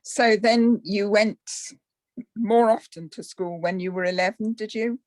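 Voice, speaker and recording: A woman's voice: medium pitch, steady tone, unhurried, a little mellow. A woman interviewing someone, asking brief, encouraging questions.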